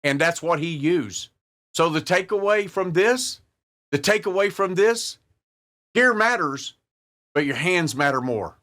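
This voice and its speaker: An earnest man hosts a guitar channel. His voice is slightly high and bright. He talks very slowly and drives his points home by repeating them. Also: animated. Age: 60s. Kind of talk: casual talk to camera.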